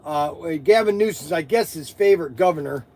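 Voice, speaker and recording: A man's voice: fairly high pitch, lively intonation, brisk, darkish tone. A man hosting a casual livestream, chatting in a rambling way with lots of fillers and restarts. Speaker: livestream host selling collectible toys.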